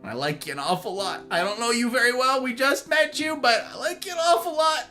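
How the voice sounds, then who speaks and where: A man hosting a casual livestream chat, greeting viewers by name with playful, animated asides. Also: very high-pitched, brisk, soft background music. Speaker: livestream host.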